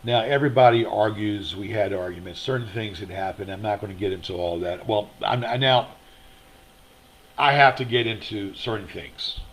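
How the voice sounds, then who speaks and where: A man's voice: on the low side, moderate pace, low-quality recording. A man hosting his own online show, ranting in a rambling, aggrieved way and repeating himself. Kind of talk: angry livestream monologue. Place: motel room.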